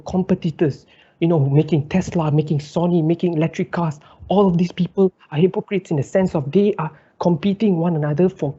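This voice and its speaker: Brief: young male debater, husky mellow voice, fervent rhetorical delivery, dull lo-fi dry sound. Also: high voice, no echo. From Malaysia. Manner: impassioned, rhetorical, builds in lists and repetition. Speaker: student debater. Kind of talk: competitive debate speech.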